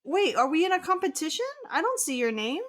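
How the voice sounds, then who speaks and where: Giggly high-voiced woman. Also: very animated, a little fast, fairly bright tone. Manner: giggly, teasing, laughs between lines. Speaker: podcast co-host. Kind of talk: casual chat.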